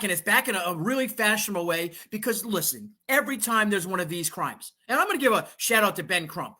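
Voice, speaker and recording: Fired-up bright-voiced male talk host. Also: high voice, animated, fast talker, few pauses. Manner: emphatic, repeats phrases, stammers restarts. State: fired up on coffee. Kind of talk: fired-up political talk show monologue.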